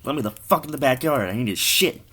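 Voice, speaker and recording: A man's voice: medium pitch, expressive, fast talker, pushed and bright, slightly rough, pitched above the performer's own voice. A man voicing a pushy house dog that barks and demands to be let out. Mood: demanding. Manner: barking, crude demands.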